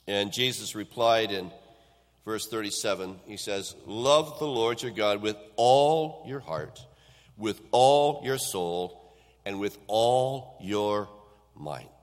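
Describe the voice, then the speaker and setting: A man preaching a Sunday sermon in a church. His voice rises into loud, emphatic build-ups and then drops into quiet endings. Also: fairly low pitch, slow. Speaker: pastor. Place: church sanctuary. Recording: long hall reverb.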